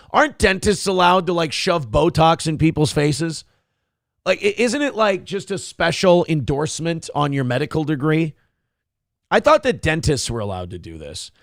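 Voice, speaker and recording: A man's voice: on the high side, no room sound, clean studio sound. A man hosting a live-streamed commentary show, rambling and joking crudely while reading out chat comments. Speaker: host.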